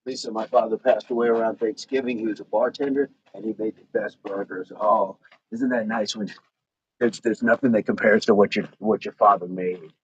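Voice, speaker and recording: A man's voice: on the low side, breathy edge. A middle-aged man hosting a fitness livestream outdoors, reading viewer comments aloud and counting out his reps between casual remarks. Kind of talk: casual livestream chat while exercising. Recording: dull lo-fi sound with faint noise.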